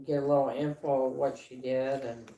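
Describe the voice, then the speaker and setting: A woman co-hosting a casual livestream chat, rambling with halting restarts and fillers. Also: extremely low pitch, fairly even intonation, warm tone, highs cut off. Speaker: livestream co-host. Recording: echoey room.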